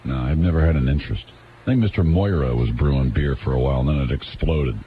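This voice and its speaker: A man's voice: extremely low pitch, fast. A man hosting a casual call-in radio talk show, easygoing and wry, laughing often. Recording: dull lo-fi 1990s radio aircheck with faint hiss.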